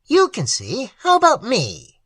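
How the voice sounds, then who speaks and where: A man reading aloud, voicing a sly, morbid young male college student who talks in a hoarse, mocking whisper. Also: extremely high pitch, wildly swooping pitch, unhurried, a bit bright, dry recording, pitched above the performer's own voice, full character voice.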